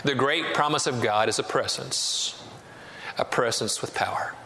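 A man's voice: medium pitch, measured pace, creaky, bright, forceful tone. A man preaches a sermon from the pulpit, moving from a personal story into scripture and rising to emphatic passages. His voice carries a long reverb from a large church hall. A faint hiss sits underneath. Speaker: pastor.

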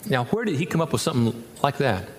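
A male pastor preaching a sermon, emphatic and repetitive, with wide swings between low and high delivery. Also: sing-song, quick pace, slight background noise. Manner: emphatic, repeats words for effect, wide swings in pitch. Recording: echoey hall, faint ambience.

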